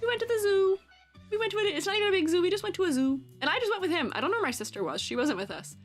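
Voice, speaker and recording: A young woman streamer telling a rambling, animated story, laughing often and acting out voices. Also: extremely high pitch, very fast, faint music behind.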